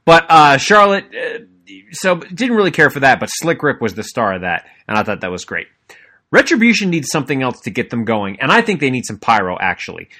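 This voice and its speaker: Young guy podcast host, mid-pitch, excited rambling wrestling recap, lots of ums and restarts. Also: brisk. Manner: enthusiastic, rambling, frequent fillers and restarts. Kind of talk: casual wrestling recap monologue.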